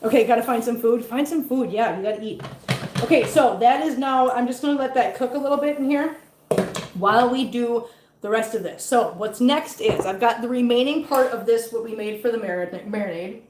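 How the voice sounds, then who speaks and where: A woman with a slightly high voice talks briskly through a cooking livestream from her home kitchen. She is a cat vlogger, teasing her viewers and cooing at her cats; the sound is roomy with a noisy background.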